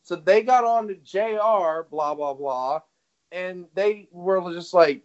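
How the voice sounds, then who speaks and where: A man's voice: high-pitched, slow pace. A man co-hosting a casual wrestling podcast, rambling, swearing and laughing as he retells what others said. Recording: dull lo-fi audio.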